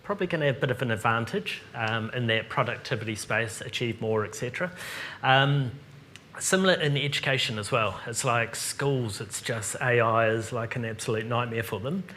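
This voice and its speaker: A man's voice: mid-range voice, moderate pace, pushed and bright. Casual kiwi guy fielding questions at a seminar, lots of ums, bit of hiss. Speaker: seminar presenter. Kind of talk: live seminar Q&A.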